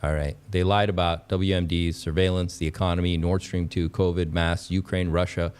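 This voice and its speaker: A man with a very low voice hosts a casual livestream. He talks straight to his viewers with an excitable, repetitive way of speaking. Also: moderate pace, clean tone. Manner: excitable, repeats phrases, talks to chat as "pups". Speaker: livestream host. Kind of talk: casual crypto livestream chat.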